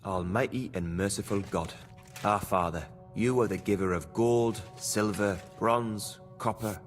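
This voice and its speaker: An actor playing a gruff, grieving middle-aged mine foreman in a video game, speaking. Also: fairly low pitch, unhurried, in a large hall, soft background music, lightly acted. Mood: praying. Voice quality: broad dialect, earthy and blunt.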